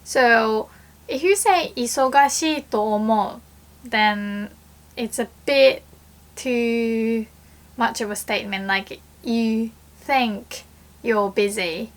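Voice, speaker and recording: Young woman, fairly high voice, casual chatty teacher acting out sample lines. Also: takes it slowly. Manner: chatty, acts out example phrases with lively voice shifts. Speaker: Japanese teacher. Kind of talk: casual language lesson.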